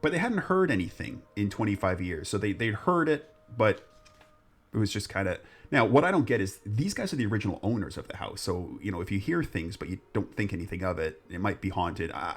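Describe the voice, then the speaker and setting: A man's voice: fairly low pitch, animated, fairly quick. A man hosting a podcast, telling a ghost story in a rambling, jokey way. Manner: rambling, jokey, restarts often. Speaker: podcast host. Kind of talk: casual storytelling chat.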